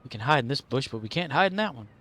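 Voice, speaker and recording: A man chats casually while he plays a game live. His voice sits at an ordinary middle pitch, and he rambles, cracks jokes and mutters half-thoughts to himself. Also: expressive, very fast, bright, forceful tone. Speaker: game streamer. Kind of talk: casual live-stream commentary.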